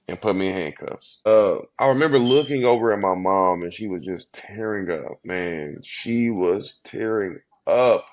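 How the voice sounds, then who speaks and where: A man in his thirties, a guest in an interview, telling his own story in an earnest, heartfelt way, rushing some phrases and slowing hard on others. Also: lowish voice. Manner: earnest, heartfelt, quick bursts with slow emphatic pauses.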